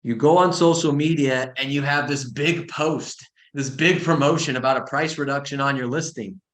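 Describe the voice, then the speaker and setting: A man giving an informal training talk as a real estate coach, blunt and animated, with sarcastic asides. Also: medium pitch, moderate pace. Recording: roomy echo.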